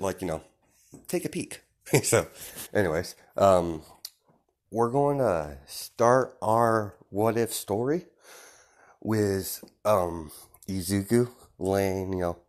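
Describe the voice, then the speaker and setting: A man casually improvising a fan story, rambling with lots of fillers and frequent chuckles. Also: fairly low pitch.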